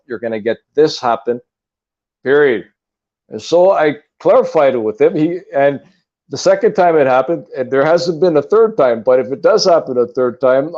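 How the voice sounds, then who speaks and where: A man's voice: mid-range voice, a little mellow, dull audio. A man in casual spiritual talk, speaking in an earnest, repetitive, lecturing way. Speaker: guest on a spiritual talk stream.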